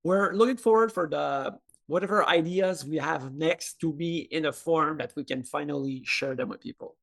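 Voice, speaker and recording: A man with a French Canadian accent fields questions about his studio. His voice sits slightly higher than most, and he hesitates often, filling gaps with uhs and self-corrections. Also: normal speed, gravelly, a bit bright. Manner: hesitant, many filler uhs and restarts. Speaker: game studio representative. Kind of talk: video call interview answers.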